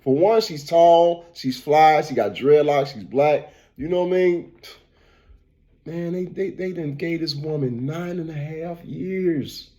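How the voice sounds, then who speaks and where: A man who is a barber and vlogger, giving a casual, animated opinion rant and repeating "man" and "bro.". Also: a little high, a little slow.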